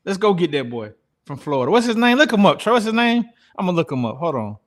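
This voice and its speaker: A man co-hosting a casual sports talk show, animated and joking, often breaking into laughter. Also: sits high, fast.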